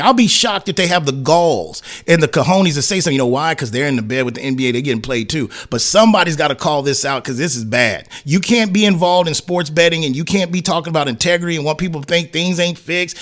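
A man's voice: fairly high pitch, expressive, a little fast, a bit bright. Fired-up man ranting on sports radio. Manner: heated, rambling, slangy rants full of acted asides. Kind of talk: opinionated sports talk.

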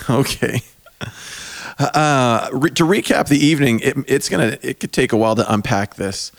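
A man hosting a podcast with a joking, rambling manner, his voice going hoarse, talking into a microphone in a small basement. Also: mid-range voice, moderate pace, dry recording. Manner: joking, rambling, self-mocking. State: losing his voice. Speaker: podcast host. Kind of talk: casual podcast chat. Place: small basement corner at a camp. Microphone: studio microphone.

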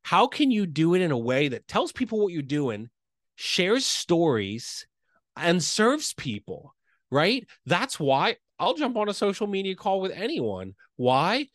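Earnest male podcast guest, quick and eager, a touch high-pitched, recorded dry. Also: wildly swooping pitch, a bit bright, no room sound. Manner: earnest, fast, enthusiastic talker with frequent "right?" tags. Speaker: real estate coach and realtor.

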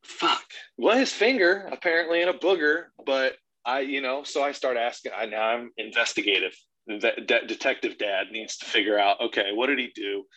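A man's voice: medium pitch, normal speed, dry recording, low-quality recording. A man in his thirties, a podcast guest telling a story. His voice sits in the middle range and is recorded dry and close. He talks freely, curses often and acts out each quoted line. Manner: profane, animated retelling with voiced quotes. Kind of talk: casual storytelling.

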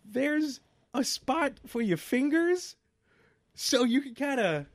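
A man co-hosting a podcast in casual chat, telling stories with lively energy and frequent laughs. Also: very high voice, slow, no room sound, studio quality. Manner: animated storyteller, laughs often. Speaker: podcast co-host.

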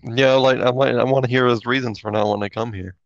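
Man from Florida, casual voice-chat guy, smooth but fry-heavy, dry close sound. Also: mid-range voice, fairly even intonation, fast, no room sound, lo-fi sound. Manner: laid-back, teasing, says bro. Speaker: chat participant.

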